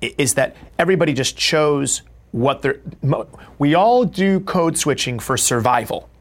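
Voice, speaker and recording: In a thoughtful interview, this middle-aged actor and guest spins animated anecdotes, voicing the people he quotes. He speaks at a normal pace with a fairly high pitch.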